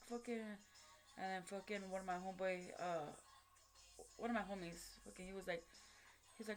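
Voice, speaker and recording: A woman's voice: on the low side, steady tone, normal speed, faint music behind. A woman telling a personal story to camera, blunt and profane, in street slang with lots of fillers. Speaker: vlogger.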